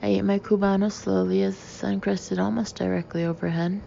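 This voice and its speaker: A woman narrating a first-person audiobook in a steady, measured way. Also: medium pitch, vocal fry. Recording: slightly dull with faint hiss.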